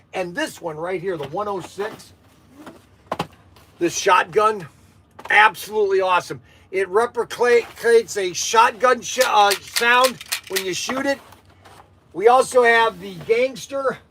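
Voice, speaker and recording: Excitable male shop host pitching toys, high and bright. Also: slight background noise. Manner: excitable salesman, hollering and laughing. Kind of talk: live-stream product pitch.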